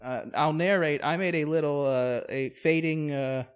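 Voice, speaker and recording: A man co-hosting a podcast in casual chat, trading dry wisecracks and low-key asides. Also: moderate pace, clear, resonant tone. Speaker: podcast co-host.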